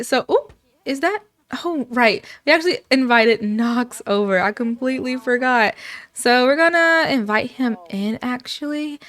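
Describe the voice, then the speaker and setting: A woman's voice: high-pitched, fairly bright tone, no echo. A woman giving chatty, giggly commentary while playing a story game. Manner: chatty and giggly, with many fillers. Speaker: let's player.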